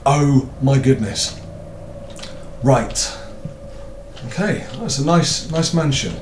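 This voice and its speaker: A man's voice: medium pitch, animated, slow pace, echoey room, slight background noise. A British man commentating a horror game, nervous and jokey, swearing a lot and screaming in fright. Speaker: gaming YouTuber.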